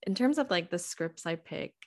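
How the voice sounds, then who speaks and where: A woman's voice: fairly low pitch, animated, moderate pace. A woman voice actor chatting as a guest, giggly and bubbly, saying "like" a lot. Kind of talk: casual interview chat.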